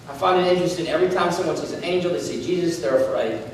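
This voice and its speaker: A high-pitched man preaches to a youth group, telling the story with animated energy. He is picked up from far away in a big hall that echoes heavily. A faint hiss of noise sits under his voice. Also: rapid-fire. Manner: animated storytelling, acting out dialogue. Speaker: youth pastor. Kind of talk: sermon. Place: large echoey meeting hall. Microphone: distant room mic.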